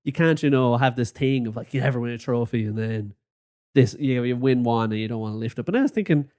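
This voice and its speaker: A man co-hosting a football podcast in casual chat, laughing often and swearing in relaxed banter. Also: medium pitch, fast. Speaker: podcast co-host.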